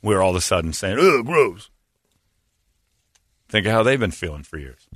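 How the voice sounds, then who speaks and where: A man's voice: low voice, quick pace, a bit bright, no room sound. A man hosting a morning radio show, joking crudely and laughing often in a studio. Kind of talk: casual crude banter. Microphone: studio mic.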